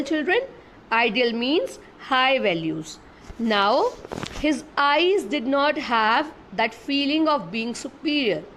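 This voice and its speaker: A woman's voice: fairly high pitch, a bit bright, a little hiss or hum, poor audio. A woman English teacher giving an online class from home, reading a story aloud and patiently explaining words to the children. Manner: slow, patient explaining, often asks the children questions.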